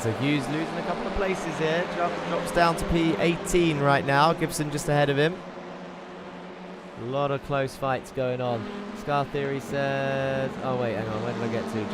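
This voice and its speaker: A man commentating an online sim race, excitable and chatty, reading out viewer messages between the action. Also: mid-range voice, very noisy. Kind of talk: live esports race commentary.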